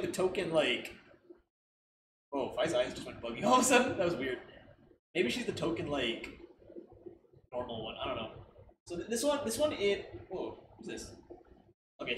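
A man hosting a casual reaction video, thinking aloud in a rambling way with lots of fillers and laughter. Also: fairly high pitch. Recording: roomy, distant mic with clear background noise.

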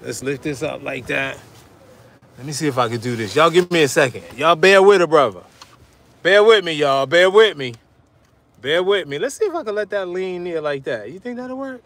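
He speaks at normal speed in a fairly high, expressive voice, addressing his viewers as "y'all" in a chatty food vlog. The setting is a fish market and the area by his truck, with loud traffic and street sounds throughout.

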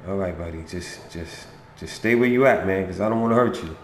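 A man's voice: sits low, fairly quick, reverberant, slight background noise. A man giving casual, slangy commentary while playing a video game, chatting to the characters on screen. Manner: laid-back, slangy, talks to game characters.

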